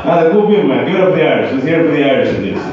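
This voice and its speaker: A man's voice: fairly high pitch, animated, racing, heavy background noise. A man doing a stand-up set, wry, rambling and self-mocking, from a country that was once a British colony. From former British colony. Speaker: stand-up comedian. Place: comedy club stage. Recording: dull, far-off echoey club recording.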